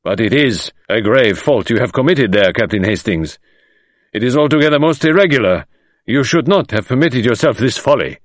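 A man's voice: fairly low pitch, very animated, normal speed, no echo, clean studio sound. A man reading an audiobook voices a stern, pompous older magistrate who speaks formally and sometimes turns sentimental.

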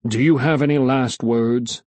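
A man voicing a showy male stage magician who speaks slowly and dramatically. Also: medium pitch, steady tone, a little mellow, no room sound, lightly acted. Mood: ominous. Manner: slow, dramatic, theatrical.

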